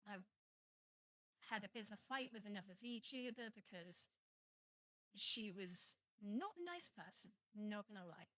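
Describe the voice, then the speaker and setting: A woman's voice: mid-range voice, lively intonation, measured pace, a bit bright, no echo, studio quality. A young British woman streaming live, rambling casually to her viewers and swearing at her computer. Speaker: VTuber streamer.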